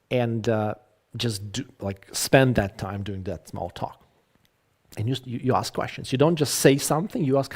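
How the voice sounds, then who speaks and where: A man giving an online English lecture over a video call, talking in a lively, conversational way with frequent fillers and restarts. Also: mid-range voice.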